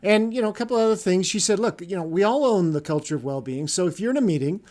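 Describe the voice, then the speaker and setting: A man co-hosting a podcast, talking with eager enthusiasm in a voice set a little high. He rambles through his thoughts, restarting sentences and leaning on easy fillers in a relaxed chat. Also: fast. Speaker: podcast co-host.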